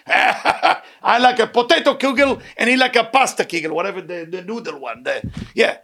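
A man's voice: high voice, moderate pace, gravelly, a bit bright. A man preaching a weekly sermon to a live audience, emphatic and repetitive, with humorous asides. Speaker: preacher giving a weekly talk.

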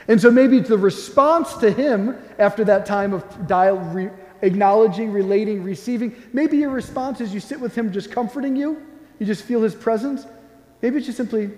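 A man giving a gentle, conversational talk on prayer, often acting out the prayers he describes. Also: high-pitched, normal speed. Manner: gentle, playful, acts out quoted prayers. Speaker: Catholic speaker on prayer. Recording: echoey hall with long reverb.

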